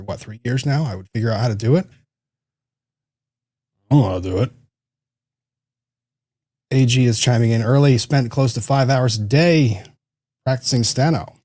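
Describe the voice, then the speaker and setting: A man's voice: on the low side, dark tone, husky, no room sound. A man hosting a casual livestream from a home studio, chatting with viewers in a loose, self-deprecating way and reading their comments aloud while he fiddles with his desk microphone. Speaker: livestream host. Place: small home studio room.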